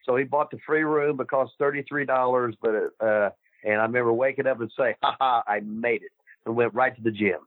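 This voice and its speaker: A blunt, profane older man, a podcast guest, talking gruffly and without any polish. He comes through a tinny, phone-like line that sounds dry and close, with no room around him. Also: mid-range voice, steady tone, a little fast, dry recording. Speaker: guest, former wrestler. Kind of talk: casual interview.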